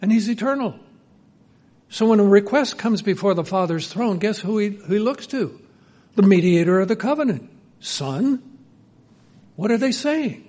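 Male preacher, slightly high voice, earnest, moves between hushed and emphatic delivery. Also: lively intonation, moderate pace. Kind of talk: sermon.

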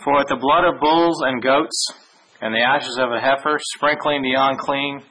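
A man giving a Bible lesson, reading verses aloud in a measured way with small restarts. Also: medium pitch, steady tone, pushed and bright, a little hiss or hum, low-quality recording. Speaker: Bible teacher. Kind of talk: sermon with scripture reading.

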